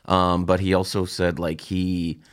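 A man's voice: deep voice, level tone, a little slow. A man hosting a casual comedy podcast, loose and joking, swearing freely as he chats with coworkers. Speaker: podcast host. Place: podcast room at a comedy club.

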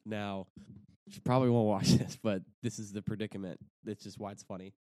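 A man's voice: on the low side, fairly even intonation, brisk, mellow, no room sound. A young man chatting casually on a podcast, telling long rambling stories with restarts and swearing. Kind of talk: casual chat.

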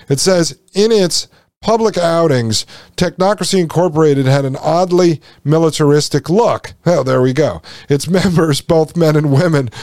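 A man's voice: on the high side, creaky, darkish tone, no room sound, clean studio sound. A man hosting a podcast, reading passages aloud and breaking off into folksy, sarcastic asides to his listeners. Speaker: podcast host.

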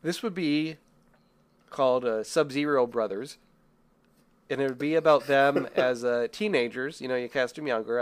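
A man's voice: medium pitch, clean tone. A young man co-hosting a casual podcast, talking in a rambling, self-deprecating way with frequent laughs. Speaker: podcast co-host. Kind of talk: casual film review chat.

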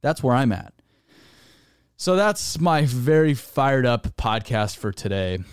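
A man's voice: mid-range voice, very animated, takes it slowly, clean tone, no echo, studio quality. A man hosting his own solo podcast, talking in a fired-up, emphatic way, swearing and repeating words for stress. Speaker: podcast host.

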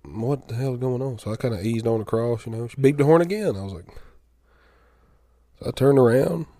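A man, telling a long story in casual podcast chat and acting out both sides of the quarrel in a drawling, deadpan way. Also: medium pitch, fairly quick, dry recording, studio quality. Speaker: podcast co-host.

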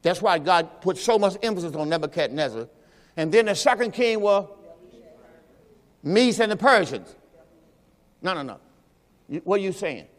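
A man's voice: sits high, expressive, normal speed, pauses often. A man preaching a sermon, teaching in a loose conversational way and quizzing his congregation. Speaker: pastor. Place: church sanctuary. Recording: long hall reverb.

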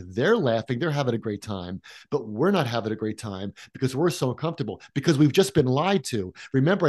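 A man co-hosting a film podcast, talking in an animated way with quick restarts and asides. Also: mid-range voice. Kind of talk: casual conversation.

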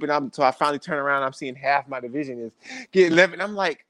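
A man's voice: a little high, quick pace, dry recording, studio quality. A young adult man, a podcast guest, telling stories in a casual interview and acting out the voices of the people in them. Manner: animated storyteller, acts out quoted voices.

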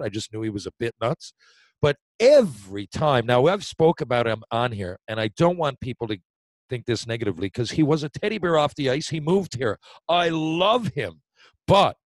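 A man hosting a casual podcast chat, a former hockey player telling rambling, excited stories. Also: medium pitch, no echo, poor audio.

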